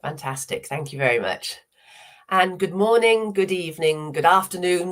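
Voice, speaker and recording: A woman speaker with a cold, hoarse and croaky, telling a personal story at an online summit in a measured way. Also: fairly low pitch, animated. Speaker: speaker, hypnotherapist.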